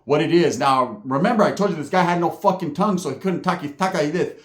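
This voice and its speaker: Dude from california spinning a prison yarn, cussing a lot, keeps saying right?, roomy echo. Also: male voice, a little high, animated, fast talker, fairly bright tone. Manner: streetwise slang, profanity, frequent "right?" asides. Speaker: storyteller recounting prison life. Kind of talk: casual storytelling.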